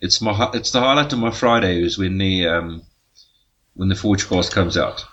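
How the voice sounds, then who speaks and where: A man's voice: low voice, normal speed, fairly bright tone, dull audio, slight background noise. A man co-hosting a casual podcast, speaking bluntly and swearing freely. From South Africa. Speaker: podcast co-host, blacksmith.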